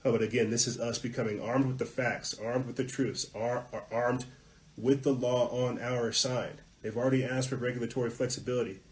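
A man hosting a political podcast, ranting heatedly, muttering asides then hitting words loudly, with some swearing. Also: mid-range voice, steady tone, brisk, slight background noise, poor audio. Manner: heated, ranting, swings between muttering and loud emphasis; profane at peaks. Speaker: podcast host.

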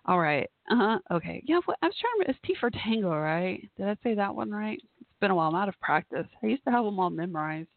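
A woman hosts a live podcast alone over a tinny phone call-in line, in a dry recording. Her medium-pitched voice is gravelly and expressive, and she talks fast with hardly any pauses, rambling casually and laughing often.

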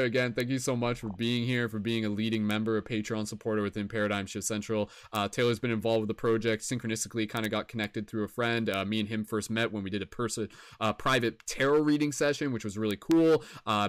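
A man's voice: fairly low pitch, clean tone, no echo. A young man hosting a casual video-call broadcast, rambling with many fillers and encouraging his guests. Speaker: host.

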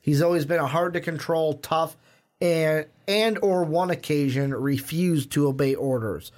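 Man, young, podcast host, chatty, slightly high voice, reads notes with ums. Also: a little slow, a little mellow. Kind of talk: casual chat.

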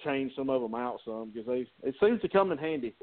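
A man's voice: medium pitch, expressive, fairly quick. A man chats on a podcast in an easygoing, conversational way. His voice comes through a narrow, phone-like line. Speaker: podcast co-host. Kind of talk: casual chat. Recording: phone-like audio.

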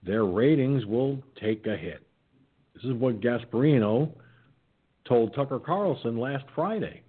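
A man's voice: medium pitch, animated, a little slow, slightly rough. A male show host reading news stories aloud and mocking them with sarcastic, swearing asides, yawning and stumbling as he goes. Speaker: internet radio show host. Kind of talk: casual reading and commenting on news. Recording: tinny phone-line sound.

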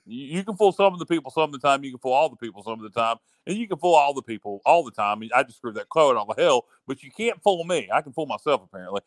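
A man's voice: medium pitch, expressive, fast talker, hardly any pauses, no room sound. A man hosting a casual sports talk show, boastful and rambling, often repeating himself.

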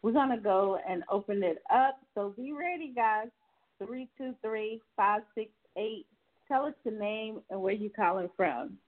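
A woman's voice: medium pitch, measured pace. Woman host chatting w/ guests, mid voice, sounds like over the phone. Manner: chatty, leans on "you know" fillers. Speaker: talk show host. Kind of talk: casual chat with a guest and callers. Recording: tinny phone-like line.

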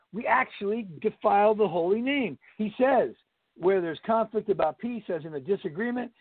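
A man's voice: sits high, no echo. Man, Bible study lecture, emphatic, blunt, dry tinny recording. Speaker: Bible instructor. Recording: tinny phone-like, dry sound.

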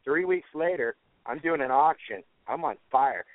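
A man, a guest telling folksy, animated stories during a phone interview from the roadside. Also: mid-range voice, moderate pace, no echo. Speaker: guest auctioneer. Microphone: phone call. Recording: tinny dry phone line.

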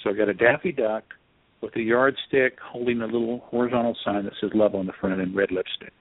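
A man, an author guest in an interview, telling a story in an animated, self-deprecating way over a phone line. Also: fairly low pitch, a little fast, dry recording. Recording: tinny dry phone line.

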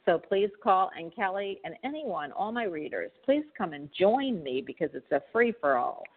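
Low-voiced woman host over a phone line. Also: animated, normal speed, breathy edge. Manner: chatty, rambling, frequent fillers and restarts. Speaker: psychic radio show host. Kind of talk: casual call-in chat.

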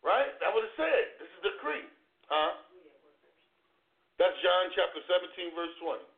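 High-voiced preacher on a tinny line. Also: male voice, moderate pace. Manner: excited, repeats words, reads scripture aloud. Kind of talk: sermon. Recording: tinny phone-like sound.

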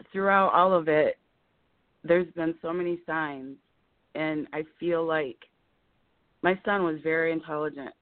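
A deep-voiced woman in her fifties calls a live show, her words coming through a tinny phone line with no echo. Holding back tears, she talks in rambling, emotional bursts.

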